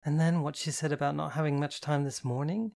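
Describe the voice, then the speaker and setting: A woman's voice: low voice, steady tone, a little fast, gravelly, dark tone. A woman narrating a first-person novel in a wry, fretful manner. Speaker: audiobook narrator.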